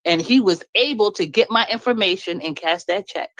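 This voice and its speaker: A woman's voice: medium pitch, moderate pace, dry recording, low-quality recording. A woman speaking candidly in a blunt, emphatic way and laughing now and then between her points. Her voice sits in a middle register. The sound is dry and close. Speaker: guest speaker. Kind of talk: candid personal venting.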